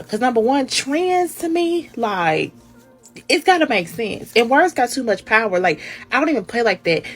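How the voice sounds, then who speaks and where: A woman giving a sassy, emphatic casual rant to her phone camera, laughing at her own remarks. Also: mid-range voice. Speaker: social media commenter.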